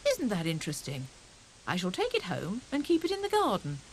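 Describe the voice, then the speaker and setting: A woman voicing a boastful, excitable male hare in a storybook audiobook, with a grand, show-off delivery. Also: mid-range voice, fairly quick, a little hiss or hum, poor audio. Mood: pompous.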